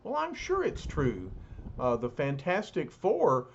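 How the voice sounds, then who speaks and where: A man casually reading a comic book aloud, retelling the story in a halting way with many fillers. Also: on the high side, wildly swooping pitch, gravelly, husky. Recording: dull lo-fi recording.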